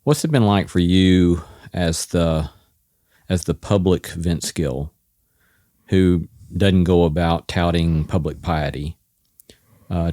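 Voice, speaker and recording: Man, very low voice, interview host, reflective, lots of agreeing, dry studio sound. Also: mellow, dry recording. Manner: thoughtful, reflective, frequent yeahs. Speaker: podcast host. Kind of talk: conversational interview.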